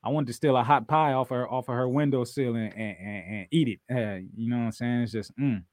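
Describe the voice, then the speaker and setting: A man's voice: mid-range voice, steady tone, a little fast, a little mellow, no room sound. Chill guy hosting a wrestling podcast, jokes around, laughs a lot, dry close sound. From US West Coast. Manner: laid-back, joking, frequent laughs and restarts. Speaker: podcast host. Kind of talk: casual chat.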